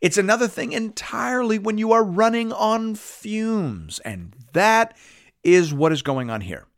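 A man's voice: sits high, lively intonation, dry recording. Dry-voiced man preaching and explaining scripture. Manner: measured, explanatory, reads scripture aloud with emphasis. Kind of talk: Bible reading with teaching commentary.

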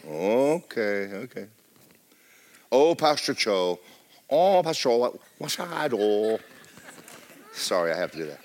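A man's voice: on the low side, sing-song, normal speed. A man preaching a sermon as pastor of a church, talking straight to the congregation with joking asides.

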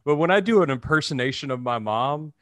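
A man's voice: fairly high pitch, expressive, a little fast, fairly bright tone, dry recording. A man in his thirties with a slight Southern twang, chatting on a podcast in a drawling, profane, joking way. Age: 30s. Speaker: podcast co-host. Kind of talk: casual chat.

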